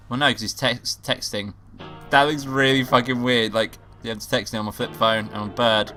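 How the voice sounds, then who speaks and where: A man's voice: mid-range voice, steady tone, moderate pace, bright, forceful tone. A man playing a visual novel and reading it out, joking and swearing, with game music behind. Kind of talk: profane let's play commentary.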